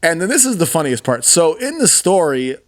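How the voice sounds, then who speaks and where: Animated man in his thirties. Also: a little high, a little fast. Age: 30s. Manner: animated, enthusiastic storytelling with laughs. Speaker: podcast co-host. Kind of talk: casual chat.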